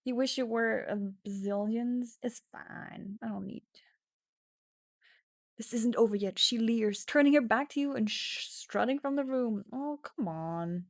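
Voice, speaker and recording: A woman's voice: on the high side, measured pace, vocal fry, dry recording, clean studio sound. A woman streaming a text adventure game, reading the story aloud with casual swearing and sudden drops into whispers.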